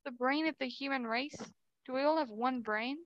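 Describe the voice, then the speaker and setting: A woman's voice: high-pitched, moderate pace, dry recording, muffled recording. A woman co-hosting a podcast, chatting casually and giggling while she plays an online game. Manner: giggly, reads game chat aloud. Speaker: podcast co-host. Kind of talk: casual gaming chat.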